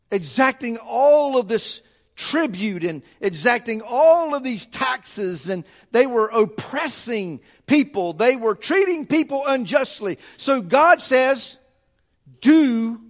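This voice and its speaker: A male pastor preaching a sermon in a church, emphatic and repetitive, often restarting his sentences. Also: very high-pitched. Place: church sanctuary. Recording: long church reverb.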